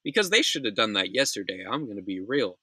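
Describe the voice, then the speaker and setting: A man's voice: on the low side, big pitch swings, fast, sharp tone, breathy edge, no echo, rough recording. A young man hosting a casual news commentary show, blunt, opinionated and profane, often restarting his sentences.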